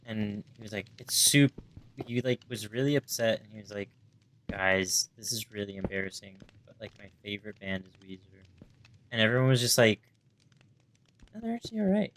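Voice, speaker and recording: A man's voice: lowish voice, steady tone, brisk, a bit bright, slight background noise. A young man livestreaming a game, chatting to his viewers and rambling through stories where he acts out the people he quotes. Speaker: gaming livestreamer. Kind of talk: casual chat while gaming.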